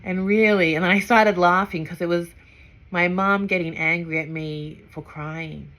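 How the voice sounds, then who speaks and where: A young woman sharing a personal breathwork experience in a soft, halting way, with many pauses and fillers. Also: lowish voice, fairly even intonation. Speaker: breathwork trainee. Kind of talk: personal reflective vlog.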